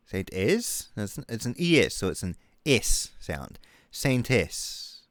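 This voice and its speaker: A man's voice: fairly low pitch, wildly swooping pitch, unhurried, fairly bright tone, dry recording. A man ranting comically over a map, mocking and exasperated, swearing a lot. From New Zealand. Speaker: comedic youtuber. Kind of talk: comedic rant over a map.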